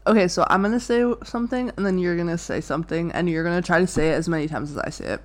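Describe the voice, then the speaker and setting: A young woman with a somewhat low voice jokes around on a casual podcast. She talks in a playful, bossy way, steering her friend through silly word games. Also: very fast. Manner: playful, bossy game-leading. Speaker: podcast co-host. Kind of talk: casual chat.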